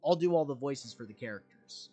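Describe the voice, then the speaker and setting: A man's voice: medium pitch, animated, fairly quick, warm tone, soft background music. A young man streaming a game, talking in casual commentary, rambling and candid, with frequent fillers and the odd curse.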